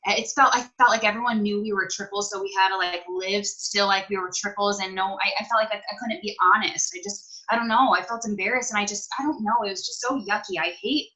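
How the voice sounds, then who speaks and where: Bright-voiced young woman, candid and emotional. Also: medium pitch, fairly even intonation, fairly quick, few pauses, rough recording. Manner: casual and emotional, many fillers and self-corrections. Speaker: guest. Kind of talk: candid personal story in a podcast interview.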